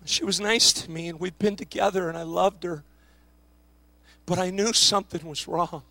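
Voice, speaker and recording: A man putting on the voice of a heartbroken young man who speaks quietly and haltingly through tears. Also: high-pitched, fairly even intonation, vocal fry, no echo, exaggerated voice. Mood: grieving. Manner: halting, quiet, breaking into short bursts. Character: heartbroken young man, soft-spoken and tearful.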